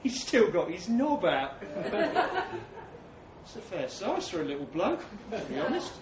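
A man's voice: sits high, wildly swooping pitch, measured pace, noisy background. A man reading a crude comic story to a laughing audience, acting out blokes' lines with swagger. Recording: echoey room from far off.

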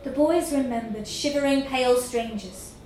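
A woman reading a literary story aloud in a slow, measured storytelling manner. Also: sits high, darkish tone, a little hiss or hum. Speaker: narrator. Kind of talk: scripted narration of a literary story. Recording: echoey room with faint ambience.

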